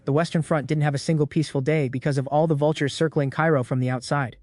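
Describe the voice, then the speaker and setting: A man reading a scripted story recap in an even storytelling manner. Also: a little high, quick pace, no echo, studio quality. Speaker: recap narrator. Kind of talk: scripted narration.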